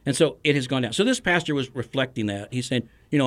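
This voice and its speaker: A man's voice: mid-range voice, expressive, quick pace. A middle-aged man, a pastor hosting a podcast, who teaches in an earnest, storytelling way and chuckles between points.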